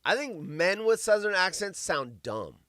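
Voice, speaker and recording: A man's voice: sits high, big pitch swings, measured pace, a bit bright, no room sound. A man hosting a casual chat show, reading news stories aloud with rambling jokes and stumbles. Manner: rambling, joking, stumbling over words while reading. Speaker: show host.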